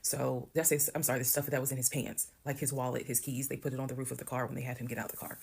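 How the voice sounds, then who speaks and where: Very low, gravelly woman telling a story. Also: little pitch movement, very fast, darkish tone. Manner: conversational, blunt, swears while retelling. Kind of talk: casual storytime monologue.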